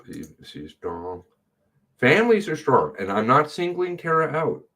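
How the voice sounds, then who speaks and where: A middle-aged man giving casual, sarcastic running commentary on a livestream, blunt and quick to swear. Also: a little high, big pitch swings, bright, forceful tone.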